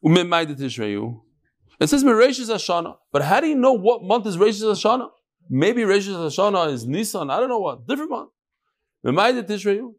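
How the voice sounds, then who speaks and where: A high-pitched, very animated man speaking at a moderate pace teaches a relaxed daily Talmud class to a live study group in a room. He chants the Aramaic and explains it in chatty English, joking and bickering with his students along the way.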